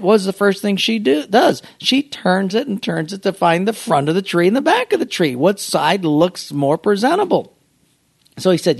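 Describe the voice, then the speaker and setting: Animated, gravelly-voiced pastor telling a story. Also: male voice, high voice, moderate pace. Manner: animated, humorous, self-mocking. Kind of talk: storytelling sermon anecdote.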